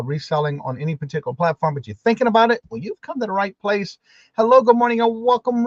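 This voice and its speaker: Casting: high, animated male live-stream host, dry lo-fi mic, greets viewers in a repeated patter. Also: no echo. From Massachusetts, USA. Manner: lively, repeats hello and welcome for each viewer.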